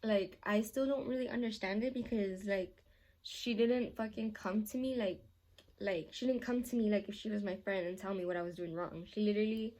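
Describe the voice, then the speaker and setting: A young woman talks straight to her viewers in a loose storytime Q&A. She rambles through the story, swearing heavily and padding it with filler words, and gets animated and laughs as it builds. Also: medium pitch, moderate pace. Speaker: vlogger. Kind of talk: casual storytime Q&A.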